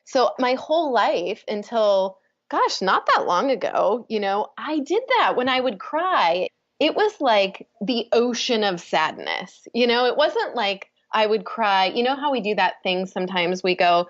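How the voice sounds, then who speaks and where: An earnest woman coach who talks in long, flowing thoughts with many fillers. Her pitch sits in the middle, and the recording sounds slightly dull and lo-fi. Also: lively intonation, a little slow. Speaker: empowerment coach, guest. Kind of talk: casual interview talk.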